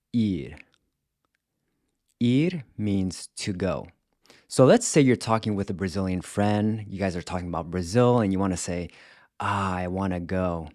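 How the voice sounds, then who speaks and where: A man teaching a language lesson in a scripted, careful way, repeating words slowly to show how they are said. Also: deep voice, darkish tone, no room sound, studio quality. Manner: slow, careful, demonstrates pronunciation by repeating words.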